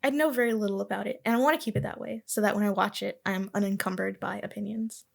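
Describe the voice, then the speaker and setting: A woman's voice: mid-range voice, fairly even intonation, quick pace, creaky. A young woman hosting a podcast in casual chat, rambling and correcting herself as she goes. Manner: chatty, rambling, self-correcting. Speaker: podcast host.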